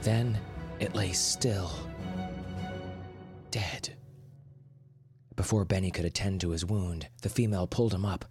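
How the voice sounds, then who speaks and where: A man narrating a horror story in a measured, dramatic way, sometimes dropping to a whisper. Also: sits low, a little mellow, dry recording. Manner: measured, dramatic, drops to a whisper for tense moments. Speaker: podcast host and story narrator. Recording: narration over clear music.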